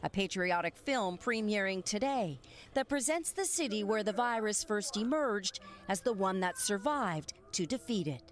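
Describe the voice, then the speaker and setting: A woman correspondent reads a scripted news report in an even, practiced delivery. Faint noise runs behind her voice. Her pitch sits in the middle range. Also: normal speed.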